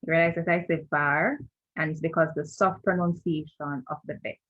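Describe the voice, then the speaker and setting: A woman's voice: low voice, flat delivery, fairly quick, phone-quality sound. A woman teaching a screen-share lesson, patient and repetitive, often checking in with "right?". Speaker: language teacher.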